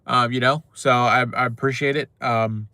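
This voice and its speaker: A man's voice: medium pitch, fairly even intonation, moderate pace, bright, forceful tone, no room sound. A young man hosting a casual livestream, reading and answering viewer comments with many fillers and restarts. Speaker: show host.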